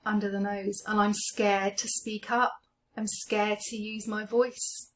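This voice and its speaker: A woman coaching a guided EFT tapping session, speaking slowly and gently as she names each tapping point. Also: mid-range voice, level tone, a little hiss or hum. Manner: slow, gentle, soothing guidance.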